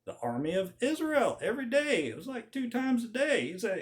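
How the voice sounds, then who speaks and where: A man hosting his channel, telling an old story in a folksy, animated way. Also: extremely high pitch, fairly quick, few pauses. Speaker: channel host. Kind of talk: casual storytelling.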